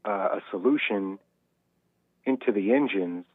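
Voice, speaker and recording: A man from Minnesota calling in to a show, telling a story in a relaxed way with hesitant restarts. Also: lowish voice, a little slow, dry recording. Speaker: caller. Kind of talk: phone-in conversation. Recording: tinny phone line.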